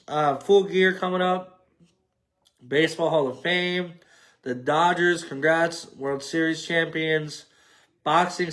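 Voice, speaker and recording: Nasal, mumbling sports podcast host. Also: male voice, fairly high pitch, fairly bright tone. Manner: rambling, loose and jokey, with many fillers. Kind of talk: solo sports talk show wrap-up. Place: home setup on a tripod.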